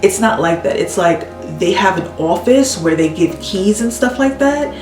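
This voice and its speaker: At normal speed and in a mid-range voice, a woman tells a casual story while putting on makeup in a room at home, venting and acting out what others said in an animated, exasperated way. The audio is poor, with a roomy sound, a distant mic, and music in the background.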